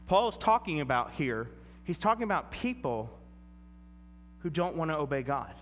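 A man's voice: a little high, a bit bright, in a large hall. A man preaching a sermon, reading scripture aloud and then explaining it with rising emphasis. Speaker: pastor.

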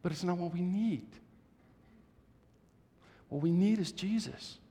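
Slow preaching man in a reverberant hall. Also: high voice. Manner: slow, repetitive, swings from loud emphasis to hushed near-whispers. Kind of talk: sermon.

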